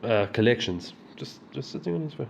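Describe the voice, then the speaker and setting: A South African man co-hosting a casual podcast, rattling through an exasperated story at a fast clip. His voice sits at a middle pitch, with a faint hiss under it. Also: expressive, gravelly. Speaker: podcast co-host. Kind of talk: casual chat.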